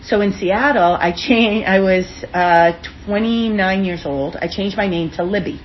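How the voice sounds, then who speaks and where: A middle-aged woman, an author and interview guest, chatting in a lively way and acting out the voices of people she quotes. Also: medium pitch, a little slow. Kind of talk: animated storytelling in casual conversation. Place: indoor room with a fireplace. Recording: dull, lo-fi sound with faint room hum.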